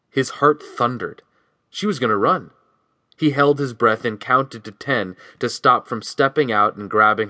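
A man reads a novel aloud in steady, even storytelling. His voice sits a little low yet sounds bright and forward, recorded dry and close with no room sound. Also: dry recording. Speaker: audiobook narrator. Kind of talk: scripted narration.

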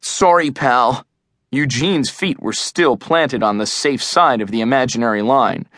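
A man narrating an audiobook in a measured, expressive storytelling manner, close to the mic. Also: mid-range voice, no echo. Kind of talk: scripted narration. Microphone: close studio mic.

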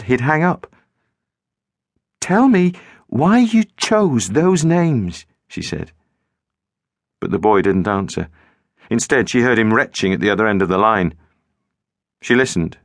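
A man narrating a suspenseful audiobook in a measured storytelling manner, recorded in a studio. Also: on the low side, fairly bright tone, dry recording. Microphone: studio microphone.

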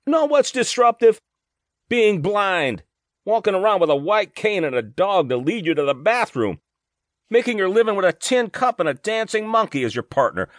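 A man voicing an angry, sharp-tongued middle-aged wife in a storybook reading, scolding her husband indignantly. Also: high voice, very animated, normal speed, dry recording, studio quality, voice pushed up.

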